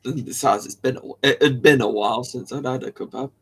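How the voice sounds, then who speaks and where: A man's voice: mid-range voice, a little fast, breathy edge. Rambling, giggly young man streaming. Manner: rambling, chatty, giggles often, self-interrupting. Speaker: live stream host. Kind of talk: casual live-stream chat.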